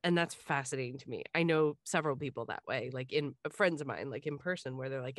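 A woman from the Richmond, Virginia area co-hosts a podcast in casual chat, rambling with plenty of fillers and restarts. Her bass voice moves fast with hardly any pauses, recorded at studio quality with no echo.

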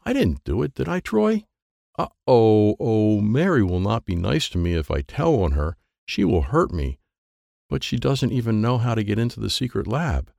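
A man's voice: on the low side, big pitch swings, moderate pace, creaky, darkish tone, no echo, studio quality. A man narrating a children's storybook in the first person, in a simple, childlike way. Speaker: audiobook narrator.

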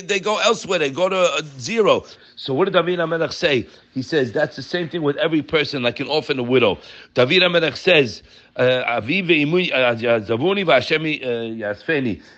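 A man giving an animated Torah talk, emphatic and full of rhetorical questions, mixing Hebrew terms into English. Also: fairly high pitch. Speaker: rabbi giving a Torah class.

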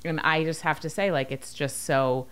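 A woman's voice: sits low, fairly even intonation, normal speed, a bit bright, smooth. A woman co-hosting a podcast, talking in a casual, earnest and apologetic way. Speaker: podcast co-host.

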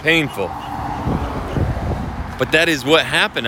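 Man, blunt and profane, casual monologue, mid-pitched voice, traffic noise behind. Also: animated, measured pace, long pauses. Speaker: video marketing coach for real estate agents.

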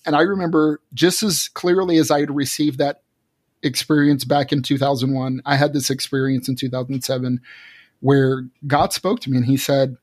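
Husky guy telling his life story, earnest, keeps restarting, dry close sound. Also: mid-range voice, fairly even intonation, moderate pace, a little mellow, no echo. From Texas. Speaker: guest. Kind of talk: personal storytelling.

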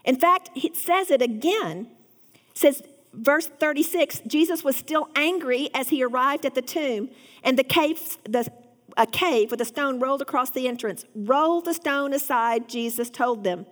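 A woman's voice: sits high, normal speed, long reverb tail. A woman giving an earnest devotional Bible teaching, rising to fervent emphasis.

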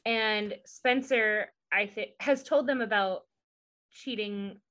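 A woman from the US South co-hosting a podcast, recapping a TV episode in animated, chatty talk full of "like" and "um". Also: medium pitch, slow. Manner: chatty and animated, laughs often, leans on "like" and "um". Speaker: podcast co-host. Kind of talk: casual chat, recapping a TV show.

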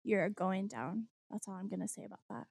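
A young woman from the Chicago area, an excitable storyteller chatting casually on a podcast. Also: mid-range voice, fairly quick, gravelly, husky, dry recording. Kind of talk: casual chat.

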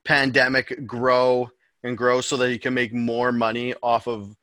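A man's voice: mid-range voice, little pitch movement, measured pace, sharp tone, no room sound. A man co-hosting a podcast, chatting in a loose, rambling and joking way. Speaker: podcast co-host. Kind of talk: casual chat.

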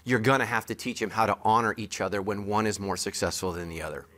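Bright-voiced joking male preacher. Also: on the low side, steady tone, quick pace. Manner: emphatic, joking preacher who talks straight to the congregation. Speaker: pastor. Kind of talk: sermon.

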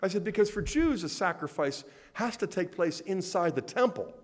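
An animated man telling a story in a lecture, slipping into both voices of a conversation. His voice sits a little high and swings widely in pitch. The sound rings with a long reverb in a large hall. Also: normal speed.

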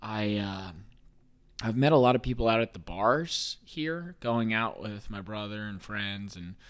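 A man in his thirties hosts a podcast in loose, casual sports talk, with a fairly low voice. He rambles, curses freely and jokes his way through each point. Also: lively intonation, a little slow, clean tone. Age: 30s. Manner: profane, rambling, joking. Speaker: podcast host.

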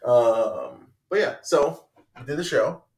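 A man's voice: mid-range voice, very animated, slow, a little mellow. A man hosting a podcast in casual chat, crude and joking, rambling. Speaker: podcast host.

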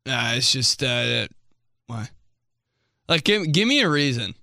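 A man's voice: medium pitch, very animated, slow pace, gravelly, sharp tone, no echo, clean studio sound. A young man hosting a podcast, rambling through comic complaints with lots of fillers and sound effects. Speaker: podcast host. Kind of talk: casual comedic podcast monologue.

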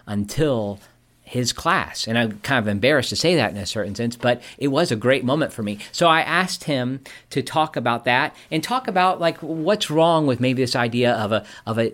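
A man's voice: medium pitch, normal speed, fairly bright tone. A man hosting, introducing a question in a casual, reflective way. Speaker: host.

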